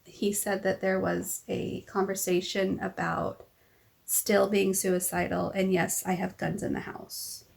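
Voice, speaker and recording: A woman's voice: mid-range voice, little pitch movement, measured pace, creaky. A mother talking in a casual personal vlog, telling a long rambling story and acting out what others said. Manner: rambling storytelling, acts out quoted dialogue. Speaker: vlogger.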